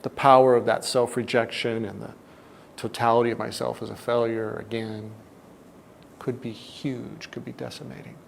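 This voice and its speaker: A man giving a reflective self-help talk, deliberate and often dropping to a soft, low tone. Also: little pitch movement, vocal fry, a little hiss or hum.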